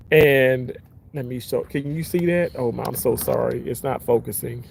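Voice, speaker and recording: Holding his phone at arm's length beside the water, a man hosts a casual livestream and reads out viewers' comments. His voice is creaky and husky at a moderate pace, rambling with many restarts and sudden upward jumps in pitch when he's excited.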